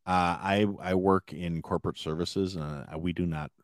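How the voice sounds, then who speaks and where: A man co-hosting a podcast in casual chat, speaking haltingly with many restarts and a dry manner. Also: deep voice, steady tone. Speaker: podcast co-host.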